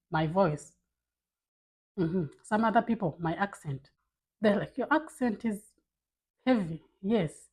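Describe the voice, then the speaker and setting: A woman's voice: mid-range voice, husky, rough recording. A woman vlogging to camera in a casual, candid way, giving emphatic advice from her own life. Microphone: camera mic.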